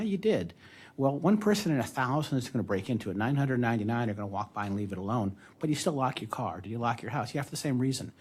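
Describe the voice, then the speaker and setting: A man's voice: medium pitch, darkish tone, slightly rough. A man on a discussion panel explaining a point with plain everyday examples, in a wry tone.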